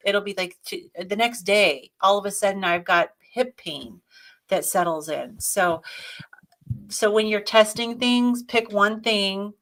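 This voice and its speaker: A woman's voice: mid-range voice, measured pace, a bit bright. A woman co-hosting a live Q&A, explaining practical advice step by step in a casual, conversational way. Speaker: co-host. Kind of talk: live Q&A chat.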